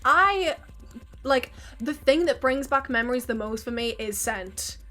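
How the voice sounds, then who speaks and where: A woman's voice: sits high, lively intonation, measured pace, pushed and bright, soft background music. A woman in her early twenties chatting casually on a live stream, telling stories with frequent laughs and swearing.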